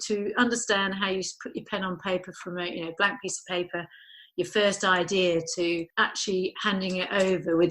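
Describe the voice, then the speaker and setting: A woman's voice: mid-range voice, fairly bright tone, poor audio. A middle-aged woman architect talking in an interview, thinking aloud with restarts and lots of "you know". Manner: thoughtful, rambling with restarts and frequent "you know". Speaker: architect guest. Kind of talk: conversational interview.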